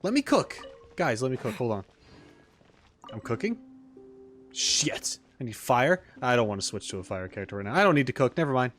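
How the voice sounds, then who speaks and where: A man streaming a game in casual let's-play commentary, excitable and rambling, talking to his viewers. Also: medium pitch, a little fast, pauses often. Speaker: gaming streamer. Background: faint game music.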